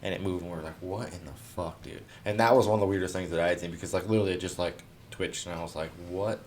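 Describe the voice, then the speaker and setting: A man's voice: deep voice, steady tone, racing, a little mellow, slight background noise. A young man on a podcast, telling a ghost story casually, rambling with lots of fillers and swearing. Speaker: podcast co-host.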